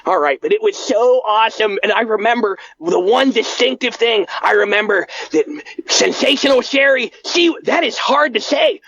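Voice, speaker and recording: A giddy, gushing man in his thirties who gets louder the more excited he gets, as a man puts him on. His voice is high and bounces around a lot. The recording sounds dull and lo-fi. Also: moderate pace, slightly rough, heavily acted. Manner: eager, gushing, shouts when excited. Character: eager excitable 36-year-old man Bart.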